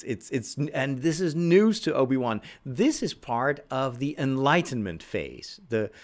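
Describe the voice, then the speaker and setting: A man talks in a casual, unscripted commentary style, pausing often on fillers and restarting sentences as he thinks. His voice has a gravelly edge to it and sits at an ordinary middle pitch for a man. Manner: thoughtful, with frequent fillers and restarts.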